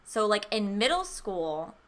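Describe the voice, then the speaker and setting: A woman's voice: medium pitch, very animated, measured pace, slight background noise. A woman in her thirties co-hosting a casual chat stream, telling loose, swear-laced stories full of "like". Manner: loose storytelling, swears freely, lots of "like". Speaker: streamer co-host.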